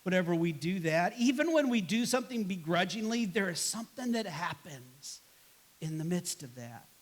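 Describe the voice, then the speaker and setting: A pastor preaches a sermon in church, his voice high and sing-song at a moderate pace. He keeps things casual and conversational, acting out grumbling replies with a sigh and a grumble to make his points.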